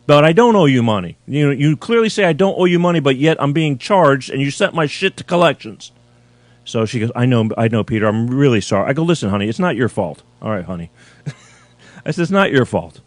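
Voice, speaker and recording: A man's voice: fairly high pitch, dry recording. A man hosting a call-in show, retelling his customer service calls in a blunt, exasperated rant and acting out both sides. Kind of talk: ranting monologue, retelling phone calls.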